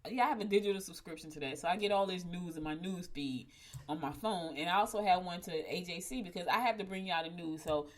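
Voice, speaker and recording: A woman's voice: lowish voice, fast. A woman, hosting a local news show and telling a funny story to her viewers in a chatty, laughing way, calling them y'all. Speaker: show host.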